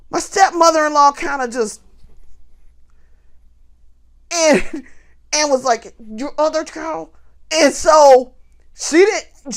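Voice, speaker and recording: A woman vlogger talking straight to the camera, telling a story in an animated way and laughing often. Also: sits high. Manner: talks straight to viewers.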